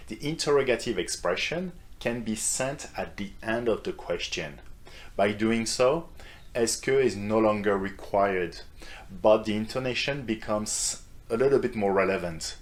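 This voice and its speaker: Deep-voiced guy teaching a lesson, slow and clear, gets you to repeat after him. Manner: clear, measured, encouraging teacher asking learners to repeat. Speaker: French teacher. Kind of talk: online language lesson.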